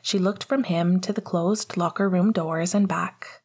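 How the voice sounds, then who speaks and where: A woman narrates a story in a calm, measured way. Her voice is low-pitched and breathy, with a husky softness. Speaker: audiobook narrator. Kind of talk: reading fan fiction aloud.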